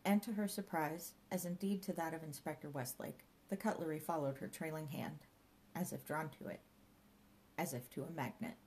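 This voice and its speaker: A woman narrating an audiobook in a measured storytelling manner. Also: sits low, darkish tone, a little hiss or hum, poor audio.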